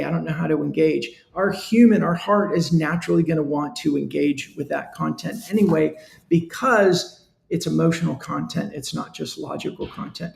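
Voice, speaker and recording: A man's voice: on the high side, gravelly, darkish tone, echoey room. A man hosting a live-stream business talk, speaking earnestly and conversationally in a coaching tone. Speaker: show host.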